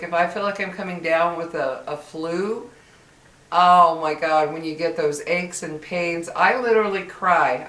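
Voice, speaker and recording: Middle-aged woman, candid emotional vlogger, lowish voice, roomy echo. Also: a bit bright, distant mic. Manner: candid, chatty, emotional, laughs often. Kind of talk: personal vlog chat. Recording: echoey room, voice off mic.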